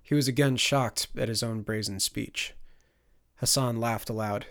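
A man narrating a fantasy audiobook in a measured storytelling manner, on a close microphone. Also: mid-range voice, fairly even intonation, a bit bright, smooth, no room sound.

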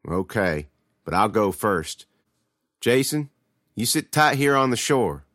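A man voicing Lee, a steady, protective teenage older brother who gives orders in drawling country speech, in a horror storybook reading. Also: on the low side, takes it slowly, no echo, studio quality, heavily acted. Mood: calm, commanding.

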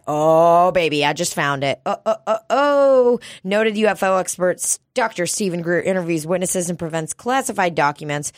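A woman co-hosting a podcast in casual chat, swearing a lot, excitable and quick to laugh. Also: lowish voice, no room sound, studio quality. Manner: profane, excitable, laughs often. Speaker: podcast co-host.

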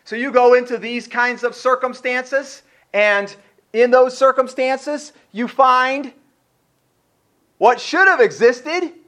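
A man's voice: extremely high pitch, slow, bright, forceful tone. A man preaching a sermon as pastor, driving his points home with repeated rhetorical questions and reading scripture aloud between his remarks.

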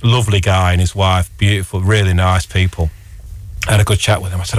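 A man with a fairly low voice chats as a radio guest. He tells long, meandering anecdotes, stacking fillers and false starts as he goes. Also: little pitch movement, fast. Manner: rambling storyteller, frequent fillers and restarts. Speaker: radio guest, record dealer. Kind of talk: casual chat.

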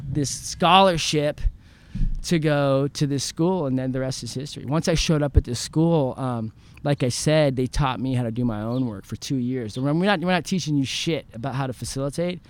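A man from San Diego, a guest in an outdoor interview, telling his story in an animated, profane way and acting out the lines of the people in it. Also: medium pitch, moderate pace. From San Diego, California. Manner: animated, profane, acts out quoted dialogue.

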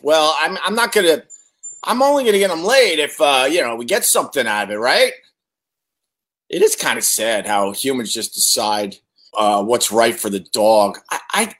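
A man's voice: medium pitch, fairly bright tone. A man hosting a casual livestream, chatting to viewers and reading their comments, joking crudely and swearing often.

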